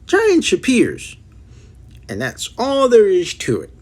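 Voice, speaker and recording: A man's voice: wildly swooping pitch, takes it slowly, darkish tone, heavily acted. A man voicing a very old, kindly giant who talks in jumbled, mangled grammar. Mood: rambling. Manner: mangled grammar, booming cries.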